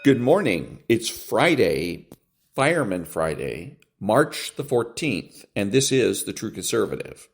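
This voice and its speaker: A man's voice: on the low side, very animated, unhurried, vocal fry, husky. A man hosting his own podcast, opening with an upbeat rundown of the day's segments. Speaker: podcast host. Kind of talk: casual podcast intro.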